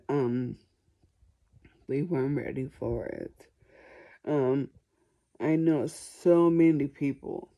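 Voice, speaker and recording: A woman's voice: low-pitched, dark tone. A woman answering viewer questions in a casual vlog, chatty and self-deprecating.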